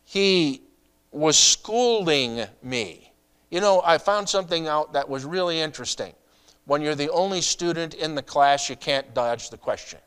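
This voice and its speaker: A middle-aged pastor preaching a sermon in a conversational way, asking the congregation rhetorical questions and adding asides. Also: male voice, a little high, expressive, unhurried, fairly bright tone, clean tone.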